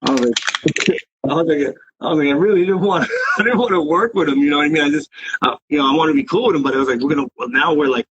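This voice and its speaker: Speaking quickly in a husky voice that's a little high, a graffiti writer tells animated, profane stories as an interview guest. The casual storytelling rambles freely. It's captured in a dry, dull lo-fi recording.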